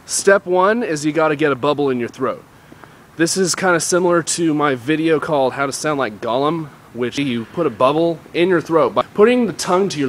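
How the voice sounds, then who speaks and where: A man's voice: mid-range voice, a little hiss or hum. A man giving an improvised, rambling spoken tutorial while walking down a street, talking into a handheld device. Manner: casual, rambling and self-correcting. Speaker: voice impression tutor.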